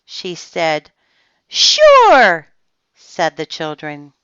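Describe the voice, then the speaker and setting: A woman reading a children's book aloud in a slow, expressive storytelling voice. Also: low-pitched, clean tone, no room sound, highs cut off. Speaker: storybook reader.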